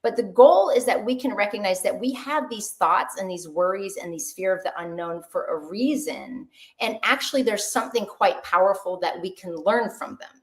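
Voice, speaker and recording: A woman doctor giving an online webinar talk in a lively, conversational way, asking the audience questions. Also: mid-range voice, moderate pace.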